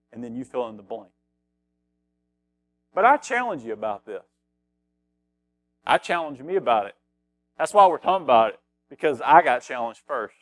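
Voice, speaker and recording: A man's voice: mid-range voice, dry recording. A middle-aged man preaching a conversational sermon as pastor, reading scripture aloud and repeating phrases for emphasis.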